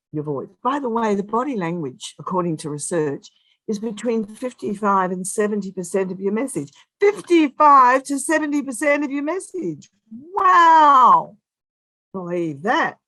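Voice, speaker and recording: A woman in her seventies giving an animated, emphatic motivational speech, with big swings in loudness and long pauses. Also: mid-range voice, dry recording, low-quality recording. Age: 70s. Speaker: guest speaker.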